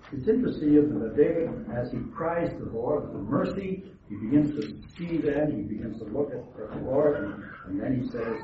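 A man preaching a sermon, earnest and halting, often restarting his words. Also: mid-range voice, lively intonation. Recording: echoey, distant, phone-like, noisy.

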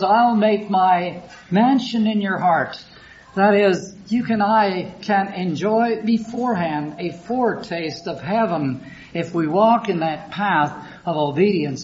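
Male preacher, fairly high voice, slow and earnest Bible exposition, dull lo-fi tape with light hiss. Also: darkish tone. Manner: slow, earnest, reads scripture in King James wording. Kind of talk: Bible reading and sermon. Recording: dull lo-fi recording with faint background hiss.

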